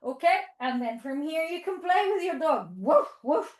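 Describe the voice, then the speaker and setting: Woman, yoga teacher trainer, bright higher voice, encouraging cues, playful meows and moos, roomy studio echo. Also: animated, moderate pace. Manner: encouraging cueing with playful animal sounds. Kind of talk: instructional yoga demonstration.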